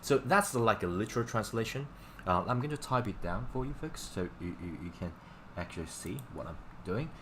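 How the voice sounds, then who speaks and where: Lowish-voiced man teaching Chinese casually. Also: lively intonation, fairly quick, noisy background. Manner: casual, filler-heavy explaining, repeats words for drilling. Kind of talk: live-stream language lesson.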